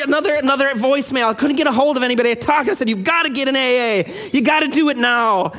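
A man preaching a sermon as a pastor, telling stories in a conversational, animated way. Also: very high voice, fast talker, hardly any pauses, big-room sound. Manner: conversational, animated storytelling with rising intensity.

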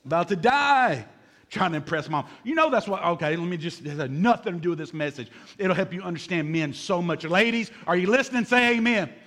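A man in his fifties, a pastor preaching a sermon in a lively, joking way, acting out little scenes and calling for amens. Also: high-pitched, a little fast. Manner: lively and joking, acts out voices, calls for amens from the congregation.

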